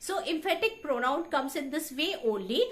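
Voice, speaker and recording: A woman teaching English grammar with a high voice that moves up and down a great deal. She explains patiently and conversationally, using everyday examples. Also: sing-song, a little fast. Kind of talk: conversational lesson.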